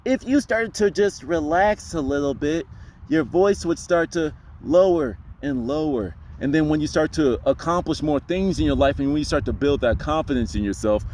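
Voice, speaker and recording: A young man giving casual voice advice to camera, emphatic and full of rhetorical questions, sometimes dropping into a deep voice to demonstrate. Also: darkish tone, a little hiss or hum. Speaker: voice coach vlogger.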